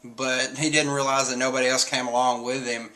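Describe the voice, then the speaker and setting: A man's voice: medium pitch, little pitch movement, a little fast, sharp tone. A man casually recapping a comic chapter in a chatty way, laughing now and then. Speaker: comic reviewer.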